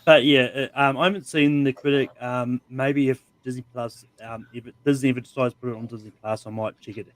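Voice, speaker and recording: A man chatting on a panel, halting and full of ums and likes. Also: medium pitch, fairly even intonation, low-quality recording. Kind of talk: casual chat.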